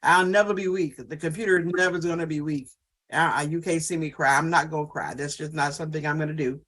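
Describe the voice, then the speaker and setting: A man's voice: on the high side, fairly even intonation, fast talker, pushed and bright, pitched below the performer's own voice. A man acting out a stubborn person who refuses to show emotion, speaking in a dismissive, clipped way.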